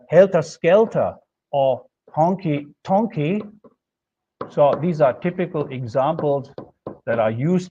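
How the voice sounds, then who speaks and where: Heard through a muffled recording, a German-speaking man lectures on linguistics at a university, explaining step by step with worked examples. His voice is on the high side and warm.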